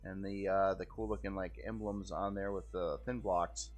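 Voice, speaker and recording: A man's voice: low voice, fairly even intonation, moderate pace, soft background music. A man giving casual, rambling gameplay commentary as host, easygoing and often repeating how cool things look. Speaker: game video host.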